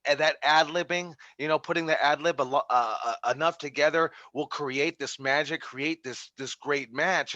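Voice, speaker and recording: Bright-voiced male wrestling instructor on a call. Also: fairly high pitch, no room sound, muffled recording. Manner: rambling, many fillers and restarts. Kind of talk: class feedback over video call.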